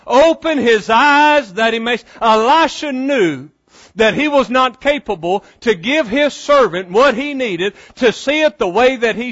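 A high-voiced man preaches a sermon with fervor. He drops to a hushed tone for prayer, then rises into loud, emphatic appeals. The recording is dull and lo-fi. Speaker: pastor.

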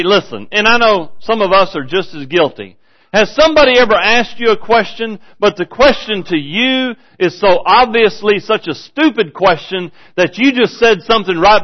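A man's voice: high-pitched, highs cut off. A man preaching in a folksy, conversational way, asking his audience rhetorical questions. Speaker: pastor. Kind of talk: folksy preaching, Bible study.

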